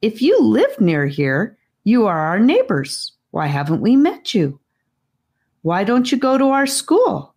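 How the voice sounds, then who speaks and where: A woman's voice: medium pitch, huge pitch swings, a little slow, a little mellow, voice pushed up, exaggerated voice. A woman voicing a bewildered young girl who asks earnest, pleading questions.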